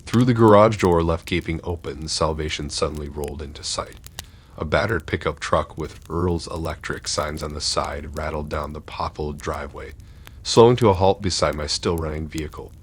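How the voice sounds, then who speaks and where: A man reading horror stories aloud in a steady, dark scripted narration. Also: very deep voice, moderate pace, breathy edge.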